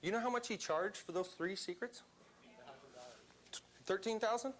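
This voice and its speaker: A man's voice: sits high, moderate pace, slight background noise. Motivational man addressing a seminar crowd. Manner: emphatic, quizzes the audience. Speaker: seminar speaker. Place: seminar room before a live audience.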